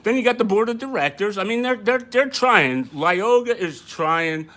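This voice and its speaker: A man hosts a casual live show, rambling from one thought to the next with jokes thrown in. His voice is bright and lively and swings up and down in pitch. He sits a little high for a man. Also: normal speed. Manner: excitable, rambling, jokey. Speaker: host. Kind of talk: casual live-stream chat.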